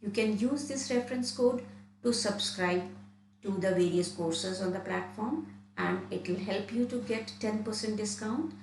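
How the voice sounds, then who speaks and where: A woman's voice: medium pitch, a little slow, darkish tone, roomy sound, a little hiss or hum, rough recording. A woman from India, an IELTS trainer, giving an online lesson and often restarting and repeating phrases as she explains.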